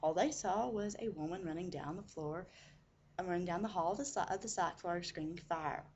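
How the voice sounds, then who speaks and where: A woman's voice: lowish voice, brisk, a little mellow, muffled recording, a little hiss or hum. Chatty woman telling a story. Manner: chatty, full of "you know" asides. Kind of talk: casual spoken storytelling.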